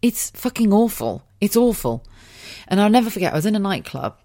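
A woman's voice: mid-range voice, big pitch swings, brisk, dark tone. A woman with an English accent, a podcast host telling a candid personal story in a giddy, sweary, self-mocking way.

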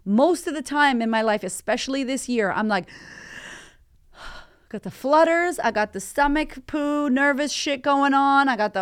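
A woman's voice: high voice, measured pace. A woman hosting a motivational podcast, talking with candid energy and swearing freely. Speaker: podcast host and life coach.

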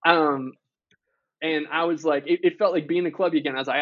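A man's voice: a little high, fairly quick, no room sound, muffled recording. Candid man telling stories on a podcast. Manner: candid storytelling with profanity and quoted dialogue. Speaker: author and podcast guest. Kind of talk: casual podcast conversation.

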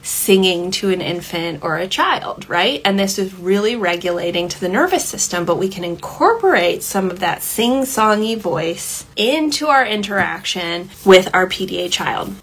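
Woman host teaching in a relaxed, chatty way. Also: mid-range voice, moderate pace, few pauses, slightly rough. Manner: relaxed and explanatory, often checks in with "okay". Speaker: podcast host and parenting coach. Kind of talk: casual podcast teaching.

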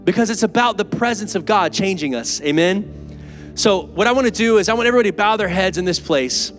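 A pastor preaching an earnest, emphatic and conversational sermon in a church. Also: male voice, sits high, expressive, fairly quick, a bit bright, faint music behind. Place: church sanctuary.

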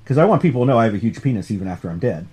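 A man's voice: lowish voice, big pitch swings, racing, darkish tone, pitched below the performer's own voice. A man voicing a pompous rich old British lord in a put-on Indian accent. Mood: boastful. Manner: boastful, self-important.

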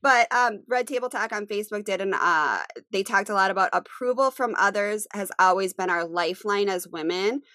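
A woman's voice: mid-range voice, normal speed, few pauses, sharp tone, no room sound. A woman in her thirties co-hosting a podcast, chatting casually and acting out quotes with animation. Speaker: podcast co-host. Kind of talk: casual chat.

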